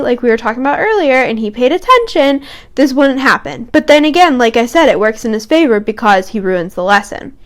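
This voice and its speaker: A young woman co-hosting a podcast, retelling book scenes in a casual, animated way. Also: high voice. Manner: reads book quotes aloud, animated retelling. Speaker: podcast co-host. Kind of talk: casual fan discussion.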